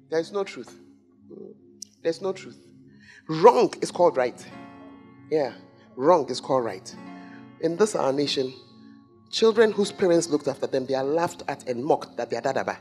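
A man's voice: a little high, animated, moderate pace, pauses often, a little mellow, soft background music. A man preaching a sermon as pastor, scolding the congregation with rhetorical questions. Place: church.

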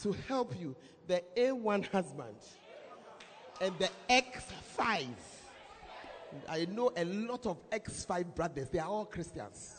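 A woman pastor preaching a sermon in a lively, shouting, laughing manner. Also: lowish voice, slow, a little hiss or hum. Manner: animated, shouts and laughs often. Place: church hall with congregation. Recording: reverberant hall, faint crowd.

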